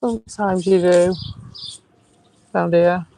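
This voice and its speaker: A speaker in a casual chat who laughs easily and answers with quick, short agreement. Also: medium pitch, steady tone, vocal fry, mellow. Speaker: conversation partner.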